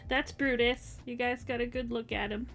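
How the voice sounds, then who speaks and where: Playful high-voiced woman streamer. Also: fairly even intonation, normal speed, a bit bright. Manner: playful, coaxing, talks to her dog. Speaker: crochet streamer. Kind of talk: casual chat while crafting. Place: home.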